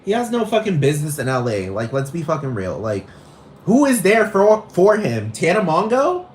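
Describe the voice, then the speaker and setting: A man's voice: fairly high pitch, wildly swooping pitch, moderate pace, slight background noise. A man performing a brash, gossipy young woman who goes on a rambling, profane rant in a comedic character monologue. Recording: roomy echo.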